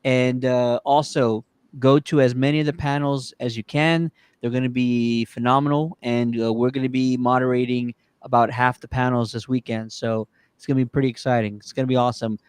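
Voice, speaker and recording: Smooth-voiced upbeat male podcast host. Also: medium pitch, little pitch movement, fairly quick, few pauses, no echo. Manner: upbeat, promotional, restarts often. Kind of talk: casual podcast chat.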